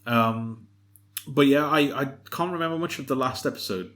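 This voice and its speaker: A man's voice: mid-range voice, normal speed, a bit bright. A man co-hosting a podcast, recapping an episode scene by scene in a hesitant way with many "uh"s. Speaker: podcast co-host. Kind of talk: casual chat, recapping an episode.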